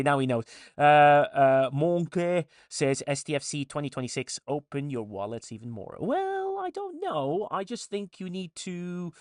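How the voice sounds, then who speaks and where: A man's voice: mid-range voice, no room sound, clean studio sound. A man hosting a casual live stream, reading viewer chat comments aloud and answering them with frequent restarts.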